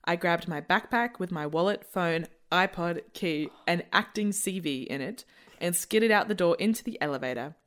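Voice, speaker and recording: A woman's voice: lowish voice, moderate pace. Chatty woman co-hosting a podcast. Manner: chatty, many fillers, playful. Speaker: podcast co-host. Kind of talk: casual chat and reading fan fiction aloud.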